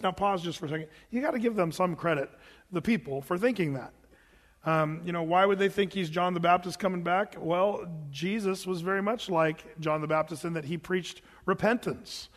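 A man's voice: sits high, moderate pace, fairly bright tone, long reverb tail. A man, a pastor, preaching a conversational sermon with fillers and questions to the congregation.

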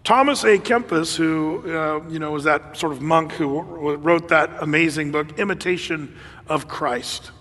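A man preaching a sermon in a conversational, animated way, with laughs and fillers. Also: a little high, normal speed, long reverb tail. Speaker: pastor.

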